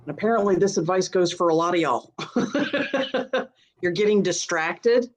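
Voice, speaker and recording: A woman's voice: lowish voice, unhurried. A woman, a psychic reader and co-host, giving direct advice in casual chat and repeating her points plainly.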